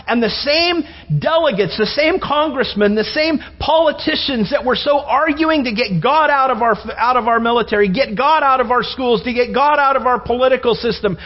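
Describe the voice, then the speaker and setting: A man preaching a sermon, telling Bible stories with animated energy and rhetorical questions. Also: extremely high pitch, normal speed. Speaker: pastor. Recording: dull lo-fi sermon recording.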